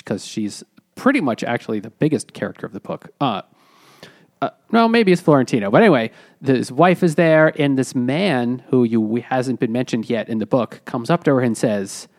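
A man co-hosting a book podcast, retelling the plot in a casual, halting way. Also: medium pitch, expressive, darkish tone. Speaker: podcast co-host. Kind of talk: casual chat.

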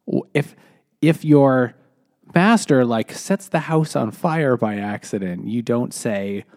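Mellow-voiced man in rambling casual chat. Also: mid-range voice, expressive, slow. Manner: rambling, frequent restarts and fillers, laughs easily. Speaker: podcast co-host discussing a book.

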